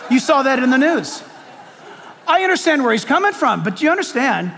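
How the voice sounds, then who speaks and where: A man preaching a sermon as pastor, impassioned and full of rhetorical questions, swinging from loud calls to quiet asides. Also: extremely high pitch, big pitch swings, brisk, vocal fry, big-room sound. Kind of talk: outdoor sermon.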